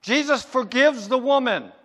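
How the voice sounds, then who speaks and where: High-voiced preacher in an echoing hall. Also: male voice, a bit bright. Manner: asks rhetorical questions and answers them; emphatic, slows down to stress points. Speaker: pastor. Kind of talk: sermon.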